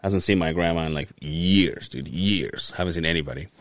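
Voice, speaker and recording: A man's voice: fairly quick, no room sound, clean studio sound. A man co-hosting a casual podcast, telling family stories with lots of swearing and acting out his relatives' lines. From abroad, moved to the country in 2001. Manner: animated storytelling, swearing, acts out relatives in high voices. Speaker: podcast co-host. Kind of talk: casual chat.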